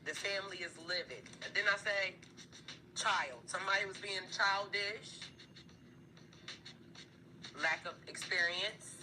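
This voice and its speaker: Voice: medium pitch, takes it slowly, pauses often, background noise. A tarot reader giving a casual, blunt reading to viewers, swearing freely, laughing, and getting heated as the cards turn up. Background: background music.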